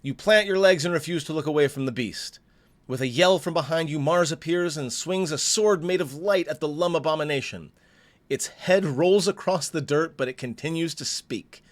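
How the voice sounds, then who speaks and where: A man's voice: on the high side, normal speed. A man hosting a game playthrough, reading the story text aloud and breaking off for chatty asides. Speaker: let's play host.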